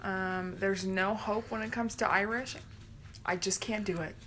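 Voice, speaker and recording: A woman chatting casually on a home livestream, rambling and quick to laugh. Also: mid-range voice, fairly even intonation, pushed and bright, slight background noise. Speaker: livestream co-host. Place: home, indoors.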